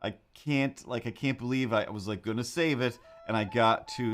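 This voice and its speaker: A man animating on a live stream, chatting casually to viewers in a rambling, easily sidetracked way with excitable asides. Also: medium pitch, normal speed, a little hiss or hum. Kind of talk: casual livestream chat while animating.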